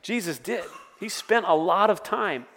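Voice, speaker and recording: A man's voice: high-pitched, measured pace, fairly bright tone, big-room sound. A man preaching a sermon as pastor, conversational, with storytelling asides.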